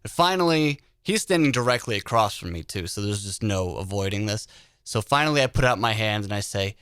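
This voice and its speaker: A man hosting a podcast, telling an animated story in a casual chat. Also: on the low side, fairly quick, clean tone, no room sound, clean studio sound. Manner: animated storyteller who acts out quoted voices. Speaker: podcast host.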